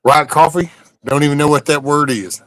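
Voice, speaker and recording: A man's voice: fairly high pitch, moderate pace, fairly bright tone, no room sound, rough recording. Joking man, dry close sound. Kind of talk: casual chat.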